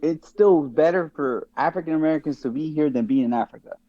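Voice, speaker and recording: A man's voice: a little high, fairly quick, mellow, no room sound, highs cut off. A man on a podcast as a guest, arguing his views in casual, emphatic talk that returns again and again to rhetorical questions. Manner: emphatic, keeps asking "guess what". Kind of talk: casual opinionated discussion.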